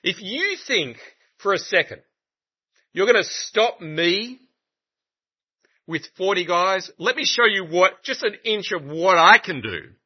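Commanding divine king Jesus, voiced by a male preacher, declaiming slowly with weight; dull, muffled sound. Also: sits high, animated, slightly rough, full character voice. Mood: assertive. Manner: emphatic, slow and declaiming. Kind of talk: acted quote within a sermon. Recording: muffled lo-fi recording.

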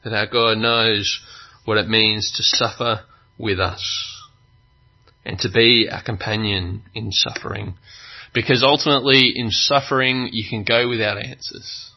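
A man preaching a sermon, earnest, with long pauses, building to fervent emphasis. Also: fairly low pitch, fairly even intonation, lo-fi sound.

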